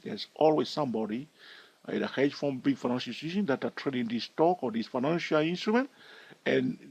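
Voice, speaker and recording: A man walking students through a chart lesson, his voice a little husky and rising and falling a lot as he explains. He keeps stopping to check in with "all right?" The sound is dry and close, with no room echo. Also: mid-range voice, darkish tone, highs cut off. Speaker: trading educator. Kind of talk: chart-walkthrough teaching.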